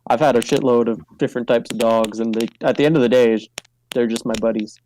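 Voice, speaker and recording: A man's voice: mid-range voice, fairly even intonation, quick pace, a little mellow, a little hiss or hum, low-quality recording. Laid-back man on a podcast. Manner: laid-back, breaks into laughter. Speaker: podcast co-host. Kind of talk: casual group chat.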